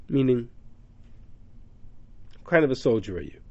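A man's voice: medium pitch, sing-song, normal speed, pauses often. A man teaching a text study class, reading Hebrew verses aloud and translating them dramatically. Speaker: Torah teacher. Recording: dull lo-fi class recording.

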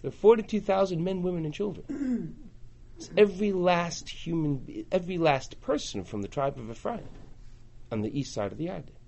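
A man teaching a class on a biblical book, animated, acting out the voices in his quotes. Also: high-pitched, normal speed, gravelly, a little hiss or hum. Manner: animated, acts out voices in quotes, rising and falling in loudness.

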